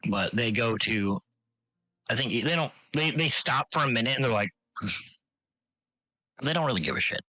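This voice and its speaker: A man's voice: mid-range voice, normal speed, long pauses, no echo, poor audio. A man running a tabletop game, narrating casually with many fillers. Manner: relaxed, filler-heavy, improvising. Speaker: game master.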